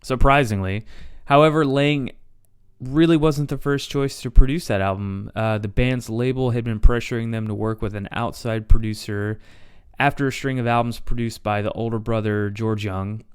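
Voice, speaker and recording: Male podcast host, plain mid pitch, smooth clear voice, dry close mic, casual storytelling tone. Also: fairly even intonation, normal speed, no room sound. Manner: loose and conversational, reads quotes aloud. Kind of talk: casual history narration.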